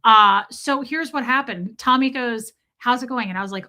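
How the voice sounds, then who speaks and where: A woman in her thirties hosts a live stream, chatting casually, telling a story with exaggerated quoted voices, and reading out viewer comments. Her voice is fairly high and sharp, at a moderate pace.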